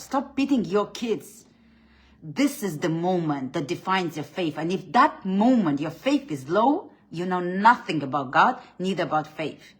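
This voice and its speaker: A woman speaking as a spiritual coach, her voice sitting a little low for a woman. She delivers a blunt, preachy faith talk, swinging between loud, emphatic outbursts and quiet, dropped-down lines. She often restarts and repeats words mid-thought. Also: sing-song, unhurried.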